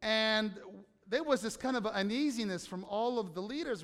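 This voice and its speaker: A man's voice: high-pitched, lively intonation, moderate pace, hardly any pauses, fairly bright tone. A man preaching a sermon as pastor, telling stories conversationally and putting questions to the congregation. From United States. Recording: long hall reverb.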